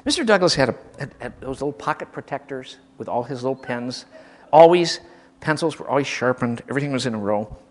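Animated man telling comic school stories. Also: mid-range voice, a little fast. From Michigan. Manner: animated, comic, acts out quotes, frequent restarts. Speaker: storyteller recalling school teachers. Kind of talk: casual anecdotal storytelling.

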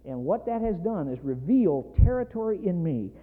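A man's voice: high voice, very animated, normal speed, few pauses. A middle-aged man preaching a sermon with emphatic, passionate delivery that builds in intensity. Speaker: pastor. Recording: tinny phone-like sound in a reverberant hall.

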